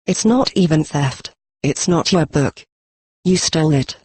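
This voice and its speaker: Brief: vain, indignant stage-magician pony mare, talks about herself in the third person, read by a husky synthetic male voice. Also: low voice, expressive, measured pace, a little mellow, no echo, exaggerated voice. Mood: furious. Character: proud, boastful female unicorn pony magician. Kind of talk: synthetic fanfic reading.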